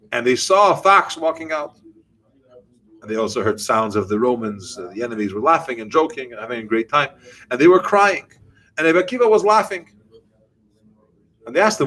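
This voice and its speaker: A man teaching a Torah lesson with an animated style, asking questions and answering them himself. His voice sits in the middle range. He speaks directly to his listeners. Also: medium pitch, husky, low-quality recording. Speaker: rabbi. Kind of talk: Torah class talk.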